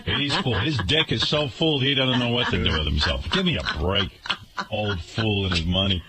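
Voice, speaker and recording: This talk radio monologue has a man complaining indignantly and sarcastically about his workplace management, his pitch swinging up and down. He speaks at normal speed with an expressive voice, and heavy noise fills the studio background.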